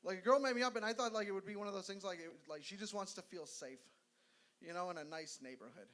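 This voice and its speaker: A man's voice: high voice, quick pace, fairly bright tone. A man improvising stand-up, rambling and hesitant with many fillers. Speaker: comedy contestant.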